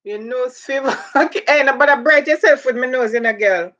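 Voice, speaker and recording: Speaking quite quickly in a high-pitched, slightly bright voice, this Jamaican-accented woman runs a relaxed livestream. She reads out viewers' comments and drifts into patois, all captured in dull lo-fi stream audio.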